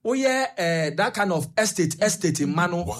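A woman with a Ghanaian accent chatting on a radio show, telling animated stories and switching between Twi and English. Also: fairly low pitch, moderate pace, crowd noise. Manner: animated storytelling, code-switching. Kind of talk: casual chat mixing Twi and English.

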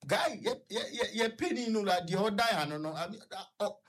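A young man with a Ghanaian accent and a high, slightly bright voice is a guest on a radio discussion. He tells a personal story haltingly, stuttering and repeating himself.

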